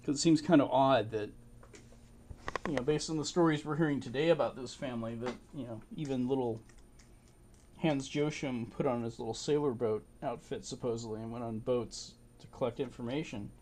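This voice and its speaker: A man's voice: mid-range voice, darkish tone, slight background noise. Man musing over old documents. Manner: musing, halting, with fillers and short laughs. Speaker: amateur history researcher. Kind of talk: casual commentary reading documents.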